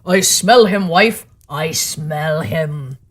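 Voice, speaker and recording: A woman voicing a hungry male giant ogre in a storybook reading, loud, slow and threatening. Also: sits low, breathy edge, voice pushed down, full character voice. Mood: menacing.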